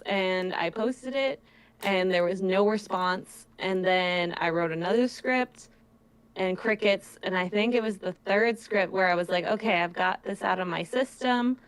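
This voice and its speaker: A woman's voice: medium pitch, unhurried, roomy sound. A woman who writes scripts, chatting casually on a live Q&A and saying "like" a lot. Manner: chatty, heavy use of "like". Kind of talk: casual chat.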